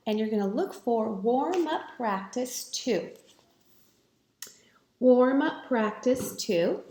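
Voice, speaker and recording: A woman teacher walks her students through a math lesson at a slow, patient pace, her voice sitting a little high. She sounds encouraging and clear. The recording has a noticeable echo from the room. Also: darkish tone. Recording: echoey room.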